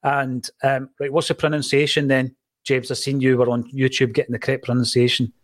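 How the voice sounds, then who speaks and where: A man hosts a football fan podcast with a chatty, storytelling manner. His voice sits at a middling pitch. The sound is close and dry. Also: flat delivery, brisk, dry recording. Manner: chatty, tells anecdotes. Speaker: podcast host. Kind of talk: casual football chat.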